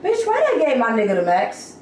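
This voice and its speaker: A woman's voice: a little high, wildly swooping pitch, a little fast, darkish tone, slight background noise. A woman vlogger talking casually and candidly to her viewers, venting about her day. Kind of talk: casual vlog chat. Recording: echoey room, mic at a distance.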